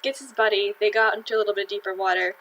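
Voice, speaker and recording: A woman's voice: mid-range voice, little pitch movement, rapid-fire, a bit bright, slight background noise, low-quality recording. A woman hosting and retelling a gospel reading in a chatty, slangy storytelling way. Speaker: host.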